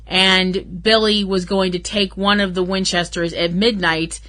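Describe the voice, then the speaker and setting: A woman's voice: mid-range voice, flat delivery, a little slow, bright, forceful tone. A woman hosting her own podcast, talking in a rambling, chatty way with sarcastic asides. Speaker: podcast host. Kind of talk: casual solo podcast chat.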